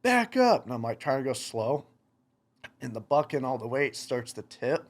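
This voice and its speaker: A young man, a podcast guest, telling stories in casual chat, animated, laughing and acting out what people said. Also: mid-range voice, normal speed. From United States. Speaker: podcast guest, motocross racer. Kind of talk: casual storytelling.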